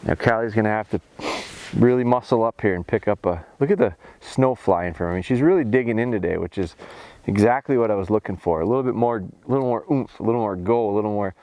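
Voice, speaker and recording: A man's voice: fast talker, no room sound. A man training his bird dogs in a snowy field, explaining each step between commands. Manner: calls dogs in a high excited voice, then explains calmly. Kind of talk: outdoor training commentary.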